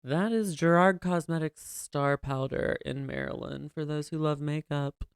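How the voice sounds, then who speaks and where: A man's voice: on the high side, fairly even intonation, a little slow, vocal fry, clear, resonant tone, no room sound, studio quality. A man co-hosting a podcast, talking in a campy, playful, theatrical way in casual comedic chat. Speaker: podcast co-host.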